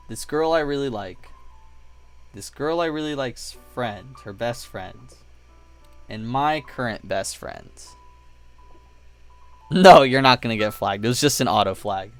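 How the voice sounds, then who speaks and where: A man chatting casually on his livestream while building models, telling rambling stories, acting out voices and sound effects, and swearing freely. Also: on the low side. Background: faint music playing.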